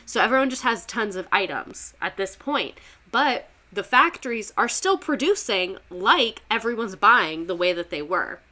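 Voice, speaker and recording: A woman with a Missouri accent talks through a history lesson in a loose, chatty way, with swearing and asides to her viewers. Her voice is bright and forward, at an ordinary pitch for a woman. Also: expressive, normal speed. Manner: profane, chatty, with asides to the chat. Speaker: former teacher explaining history. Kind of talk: casual livestream history lesson.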